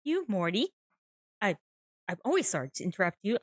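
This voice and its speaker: A woman's voice: mid-range voice, very animated, brisk, no room sound. A woman playing a tabletop game, speaking earnestly and apologetically with some stammering. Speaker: player. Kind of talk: in-character tabletop play.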